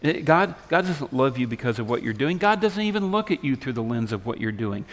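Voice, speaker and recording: A man preaching a sermon, his delivery swinging between loud emphatic lines and soft hushed ones. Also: medium pitch, very animated, a little fast, long reverb tail. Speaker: pastor.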